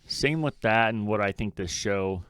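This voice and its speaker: A man's voice: on the low side, moderate pace, a bit bright, clean tone, no room sound. A man co-hosting a podcast in casual chat, blunt and swearing freely as he mocks lines he quotes. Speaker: podcast co-host.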